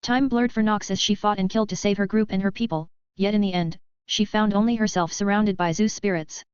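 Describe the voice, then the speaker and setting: Smooth-voiced woman reading a novel. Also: mid-range voice, steady tone, fairly quick, dry recording. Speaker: audiobook narrator. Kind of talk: scripted narration. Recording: slightly dull lo-fi audio.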